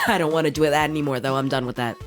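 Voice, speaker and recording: Low hoarse woman streamer. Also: steady tone, faint music behind. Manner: playful, quick banter with chat. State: hoarse, sick voice. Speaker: virtual streamer. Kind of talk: casual livestream chat.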